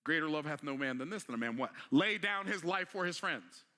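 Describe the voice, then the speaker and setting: A man delivers a motivational sermon in a bright, forward voice. He keeps putting rhetorical questions to his listeners and talks in plain, everyday speech. He drops to a hush, then builds up to a forceful climax. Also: a little high, lively intonation, a little fast. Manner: rhetorical questions, swings between quiet and emphatic; casual vernacular delivery. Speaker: preacher.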